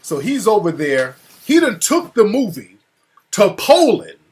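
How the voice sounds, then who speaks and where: A man talking casually as an interview guest, telling a profane, animated story that gets heated. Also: high voice, a little slow, a little hiss or hum. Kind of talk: casual phone-style conversation. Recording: call audio cutting out.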